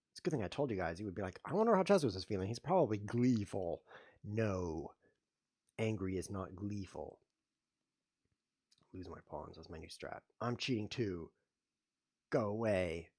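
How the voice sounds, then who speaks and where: A man hosting his own show, commentating his chess games with playful mock-outrage, muttering one moment and loudly protesting the next. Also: low-pitched, breathy edge. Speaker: host. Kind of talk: live chess game commentary.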